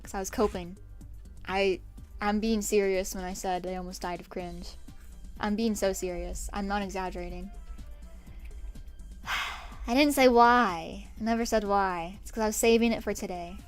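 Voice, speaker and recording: A woman's voice: medium pitch, steady tone, normal speed, long pauses, soft background music. A young woman streamer telling a story in a chatty, self-mocking way, laughing often. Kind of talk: casual storytime while drawing.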